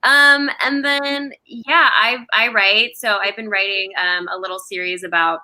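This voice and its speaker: A woman's voice: mid-range voice, fairly even intonation, a little slow, sharp tone. A woman from the American South, an actress chatting casually in an interview, with many "like" fillers. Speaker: actress guest.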